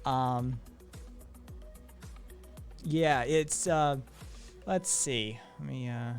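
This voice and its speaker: A man's voice: medium pitch, extremely slow, faint music behind. A man hosting a live stream, chatting casually, swearing freely and reading viewer messages aloud. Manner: profane, animated, reads chat messages aloud. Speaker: streamer host.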